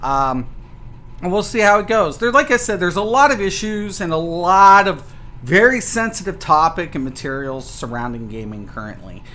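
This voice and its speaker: A man streaming a card game, swearing at it and swinging between loud outbursts and low mutters. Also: lively intonation, moderate pace. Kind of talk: gameplay commentary.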